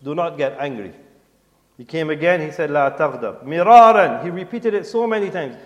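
A middle-aged man preaching to a mosque congregation in an earnest, exhorting way. He quotes Arabic, translates it, and keeps asking his listeners whether they understand. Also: moderate pace. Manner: code-switches, often asks "you understand?", quotes Arabic and translates it; earnest, exhorting, voice falls low at the end of points. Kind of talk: sermon. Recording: long reverb of a large hall.

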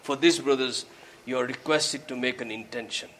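A sermon comes from a man with a mid-range voice at a moderate pace, accompanied by a slight hiss or hum. He relates a story, drops Urdu and Arabic religious words into his English, and speaks more loudly as he earnestly exhorts his listeners.

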